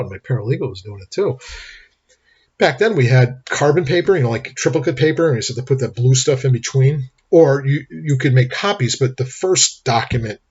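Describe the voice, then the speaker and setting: Middle-aged New man, law lecturer, rapid husky delivery, chatty asides, lo-fi webcam sound. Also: medium pitch. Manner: rambling, anecdotal, conversational. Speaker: law instructor. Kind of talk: recorded lecture. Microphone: webcam mic. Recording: lo-fi webcam recording.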